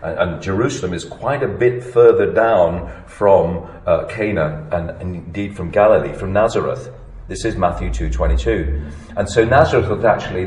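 Emphatic male preacher in an echoey room. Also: deep voice. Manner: animated preaching, swinging between hushed and emphatic. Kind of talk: sermon.

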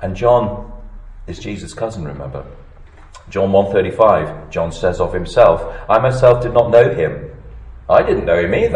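A man preaching a sermon, swinging between hushed, low asides and loud, emphatic lines. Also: echoey room, poor audio.

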